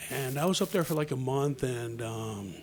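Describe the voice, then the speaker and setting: A middle-aged man, a former pro wrestler, telling a casual, lively story as an interview guest in a studio, swearing now and then. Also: mid-range voice, moderate pace, a little hiss or hum. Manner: lively, animated retelling with loud acted quotes and casual swearing.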